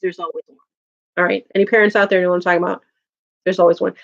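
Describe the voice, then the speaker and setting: A woman's voice: lowish voice, flat delivery, rapid-fire, gravelly, lo-fi sound. A woman in her thirties chatting casually on a live stream, laughing often and answering viewer comments.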